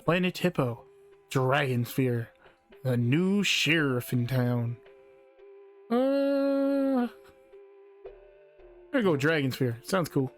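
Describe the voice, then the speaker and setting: A man's voice: medium pitch, takes it slowly, long pauses, soft background music. A man playfully reading a text game aloud as a game streamer, laughing as he goes.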